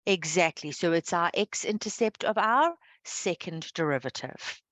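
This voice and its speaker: Lady maths teacher walking students through graphs, lowish voice, dry close sound, keeps saying okay. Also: animated, unhurried, fairly bright tone, no echo. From South Africa. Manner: patient, checks understanding with frequent "okay". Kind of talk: live online maths lesson.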